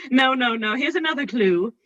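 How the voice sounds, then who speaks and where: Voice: mid-range voice, sharp tone, no echo, lo-fi sound. A performer playing a giggly, needy party host Fred. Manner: giggly, rambling, showy. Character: vain, needy male nephew host Fred. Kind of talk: drunken improv stage comedy.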